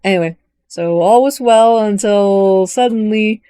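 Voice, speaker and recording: A chatty woman rambles through a casual game recap, her voice sitting at an ordinary middle pitch. She keeps it animated and loose, jumping into quick put-on voices for characters. The sound is close and dry, with no room around it. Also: smooth, no room sound. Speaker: gaming vlogger.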